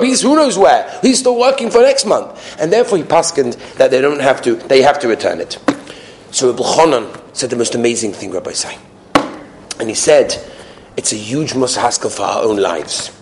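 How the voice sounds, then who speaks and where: A man teaching a Torah class, sprinkling in Hebrew and Yiddish terms and swinging between loud exclamations and hushed asides. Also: medium pitch, animated, fairly quick. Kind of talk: Torah lecture.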